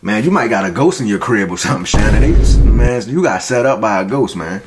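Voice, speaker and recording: A man's voice: fairly low pitch, animated, quick pace, noisy background. Man joking and cursing through a reaction. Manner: profane, joking, slangy, talks straight to the person on screen. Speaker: reaction video host. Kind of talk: casual reaction commentary.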